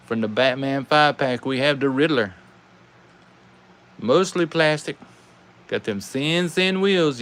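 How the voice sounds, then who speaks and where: A man with a Southern American accent calls toy car races live, folksy and animated. His voice sits at an everyday middle pitch, and he talks straight to his viewers like old friends. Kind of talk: live race commentary.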